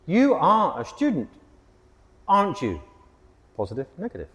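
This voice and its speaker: A male English teacher walks through grammar points, clear and emphatic. His voice sits a little high and swoops widely up and down. The sound trails off in a long reverb, and soft music plays underneath. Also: wildly swooping pitch, normal speed. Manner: clear, emphatic teaching delivery with question-tag intonation. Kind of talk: grammar lesson. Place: hot location.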